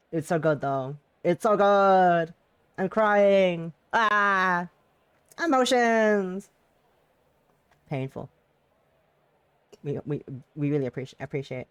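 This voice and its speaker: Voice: mid-range voice, no room sound. A streamer reading a visual novel's dialogue aloud during a live stream, teary and emotional, breaking into swearing outbursts between lines.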